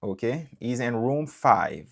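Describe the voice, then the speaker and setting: A man with a Haitian accent teaching English in a live online lesson, mixing Creole and English and repeating each example sentence slowly. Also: medium pitch, big pitch swings, creaky, a bit bright.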